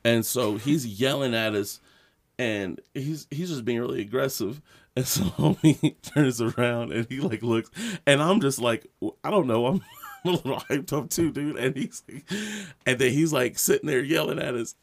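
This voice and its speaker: A man co-hosting a podcast tells a rambling, animated story in casual chat, his medium-pitched voice creaky and his pace moderate. He swears plenty and laughs often along the way.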